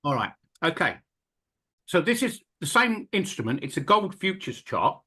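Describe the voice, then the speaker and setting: A man's voice: fairly high pitch, moderate pace, slightly rough. A middle-aged man hosting a live trading webinar, talking through charts with storytelling asides. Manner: animated, talks through charts while switching screens, with storytelling asides.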